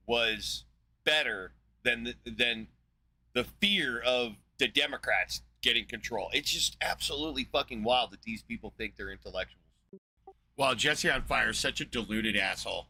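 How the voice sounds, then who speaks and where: A sharp, bright-toned man at mid pitch tears into what he is watching, swearing constantly and spitting contempt. He talks as a live-stream host, heated and mocking, building into a scornful rant. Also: slight background noise, low-quality recording. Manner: ranting, profane, scornful. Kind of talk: heated reaction commentary.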